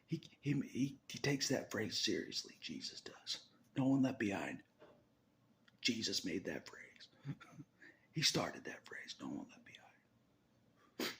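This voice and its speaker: A very low, gravelly male voice that swings widely in pitch and often drops to a whisper. He rambles in a casual personal monologue to his viewers and laughs between his thoughts. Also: sing-song, slow pace, pauses often, fairly bright tone.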